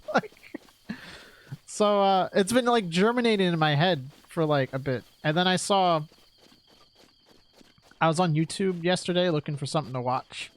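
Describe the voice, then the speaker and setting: Rambling chatty man, slightly high voice. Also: normal speed. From New York. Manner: rambling, frequent "like" and "right?", laughs often. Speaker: streamer. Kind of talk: casual stream chat.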